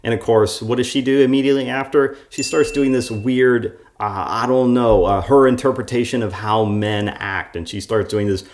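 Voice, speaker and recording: A man's voice: medium pitch, fairly even intonation, moderate pace, few pauses, a little mellow, slight background noise. A man reviewing a show in a critical commentary vlog, ranting in a sarcastic way.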